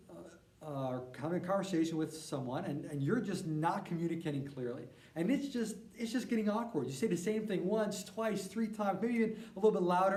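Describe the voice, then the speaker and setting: A young man teaching a church course by video, relaxed and with frequent fillers as he tells a personal story. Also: sits high. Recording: roomy sound from a distant mic.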